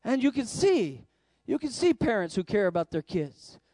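A man preaching a sermon as the pastor of a church service, emphatic, swinging between loud declarations and hushed lines. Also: sits high, very animated, moderate pace, no room sound, clean studio sound. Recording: faint music behind.

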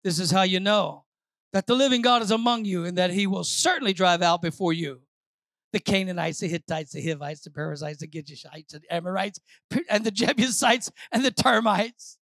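Woman preacher shouting emphasis in a dry sermon. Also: lowish voice, fairly quick, dry recording. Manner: preaching with swings from quiet asides to shouted emphasis; repeats phrases for emphasis. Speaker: pastor.

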